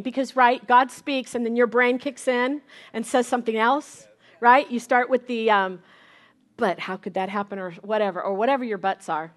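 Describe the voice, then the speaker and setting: A middle-aged woman pastor preaching a sermon, telling a family testimony in a lively storytelling way with many repeats and restarts. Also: fairly high pitch.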